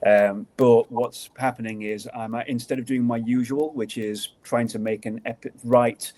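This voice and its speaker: A man, a guest storyteller on a podcast, narrating a folk tale in a lively, dramatic way. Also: mid-range voice, normal speed.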